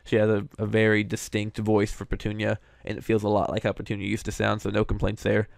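A man's voice: lowish voice, monotone, quick pace, creaky, no echo, studio quality. A young man hosting casual commentary, an opinionated, chatty fan. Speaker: show host reviewing voice actors.

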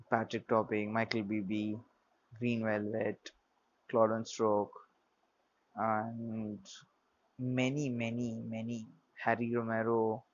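A man's voice: on the low side, slight background noise. A man in a casual vlog, rambling about music with many fillers, restarts and grammar slips. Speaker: vlogger talking about his music taste. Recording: dull lo-fi sound.

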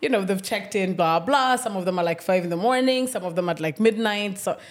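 A young woman with a Kenyan accent, a podcast co-host telling a story in casual chat, animated, swearing freely and slipping in Swahili. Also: medium pitch, a little fast.

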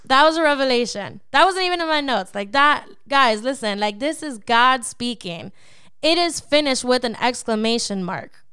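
A woman's voice: sits high, lively intonation, moderate pace, bright, forceful tone, clean tone, dry recording. A woman co-hosting a devotional Bible podcast, teaching in an emphatic, preacherly way and often checking in with the listener. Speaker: podcast co-host.

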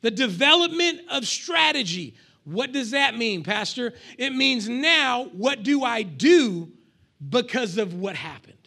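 A male pastor preaching a lively sermon to his congregation, with call-and-response and acted asides. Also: very high voice, a little slow.

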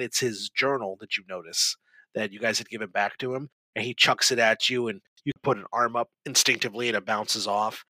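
A man as game master, narrating a tabletop game scene with vivid, steady description. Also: mid-range voice, no room sound, poor audio.

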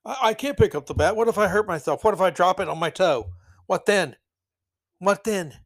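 A man putting on the voice of a helpless, self-pitying parent who whines and breaks into shrill shouts. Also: expressive, fairly quick. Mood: whining. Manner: whining, rising to shrill shouts.

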